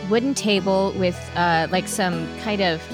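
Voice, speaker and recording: A woman player in a tabletop game, describing her character's home haltingly and searching for words. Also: lowish voice, music in the background. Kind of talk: tabletop role-play chat.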